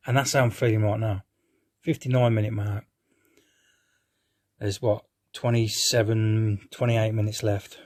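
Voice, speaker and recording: A man's voice: fairly low pitch, fairly even intonation, normal speed, darkish tone. A man giving a rambling, hesitant live-reaction film review, who swears casually and keeps restarting his sentences.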